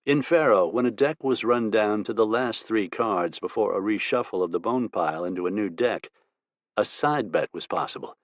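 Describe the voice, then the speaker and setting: Guy narrating a western audiobook, steady and even, deep-ish voice. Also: moderate pace, no room sound, muffled recording.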